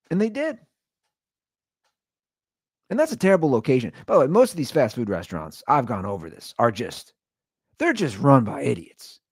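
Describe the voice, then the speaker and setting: A man in his thirties or forties hosting a podcast, telling stories in a sarcastic, exaggerated, animated comedic rant. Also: sits high, no room sound, studio quality. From Anderson Township, Ohio, USA. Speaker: podcast host.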